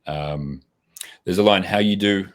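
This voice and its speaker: Forties Australian male guest, extremely deep voice, reflective and conversational. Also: unhurried. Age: 40s. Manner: reflective, with many restarts and tag questions. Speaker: podcast guest. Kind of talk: casual interview answers.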